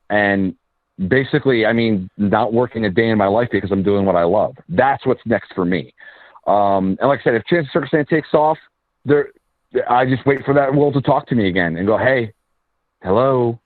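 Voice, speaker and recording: Guy filmmaker telling stories on a call, mid pitch, tinny phone sound, lots of restarts. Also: no room sound. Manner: animated storyteller, quick asides and restarts. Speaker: independent filmmaker and actor, guest. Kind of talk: casual interview chat.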